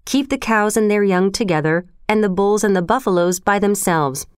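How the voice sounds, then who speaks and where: Woman putting on a bold jungle boy, high urgent commands, smooth clear voice, dry close sound. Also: normal speed, no room sound, lightly acted. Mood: commanding.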